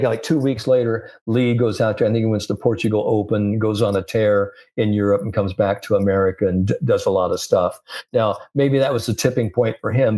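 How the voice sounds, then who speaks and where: A man's voice: on the low side, warm tone. An older man, a sports psychologist, telling an anecdote animatedly in an interview and acting out the voices he quotes.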